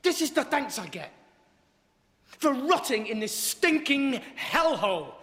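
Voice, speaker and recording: A man's voice: extremely high pitch, big pitch swings, measured pace, fairly bright tone, full character voice. An actor playing an anxious young male doctor who pleads and then rants in exasperation. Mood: ranting. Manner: exasperated, swings from pleading to ranting. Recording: roomy reverb.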